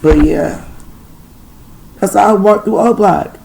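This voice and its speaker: Gravelly-voiced woman telling a story. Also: mid-range voice, takes it slowly, mellow, a little hiss or hum, poor audio. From Detroit, USA. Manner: profane, rambling spiritual storytelling. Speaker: channel host. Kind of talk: storytime vlog.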